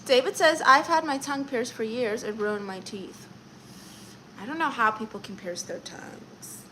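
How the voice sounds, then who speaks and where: A woman's voice: fairly high pitch, moderate pace, bright, forceful tone, a little hiss or hum. A woman from Florida hosting a casual live stream, chatting playfully and reading viewer comments aloud. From Orlando, Florida.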